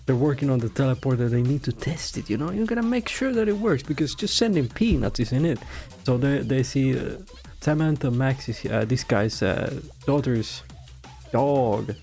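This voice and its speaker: A man rambling through game lore in an irreverent, profane comedic rant, full of giggly asides. His voice sits at a middling pitch, with faint music in the background. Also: moderate pace, gravelly, darkish tone. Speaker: video creator.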